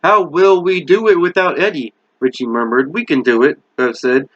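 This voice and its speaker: Man, amateur novel reading, slightly high voice, occasional slips, dull lo-fi sound. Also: fairly even intonation, moderate pace, few pauses. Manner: reads with small slips and self-corrections, voicing characters lightly. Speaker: amateur book reader.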